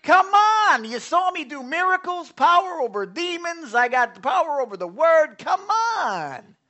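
A preacher acts out a brash, impatient man who scolds his friends in a rough, mocking tone. The voice jumps far above his usual pitch and comes out pushed and loud. It sounds exasperated and bluntly street-tough. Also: very animated, measured pace, full character voice.

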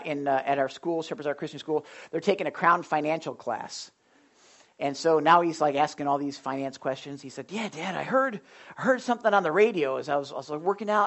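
A middle-aged man preaching a sermon in a lively, chatty way, slipping into quick acted asides. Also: a little high. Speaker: pastor.

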